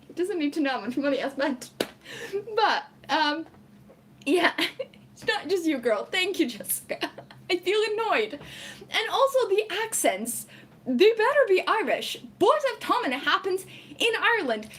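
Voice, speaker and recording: A woman's voice: extremely high pitch, very animated, unhurried, a bit bright, slight background noise. A woman streaming casually, reading chat aloud and ranting about her picks. She rambles with lots of fillers and laughs often. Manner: exasperated ranting.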